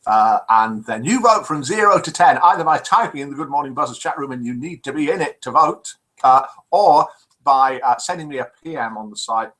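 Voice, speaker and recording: Older man, live chat host, teasing, reads out comments, animated, bright tone. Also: mid-range voice, a little fast, rough recording. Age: over 50. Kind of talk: casual live-stream chat reading out messages.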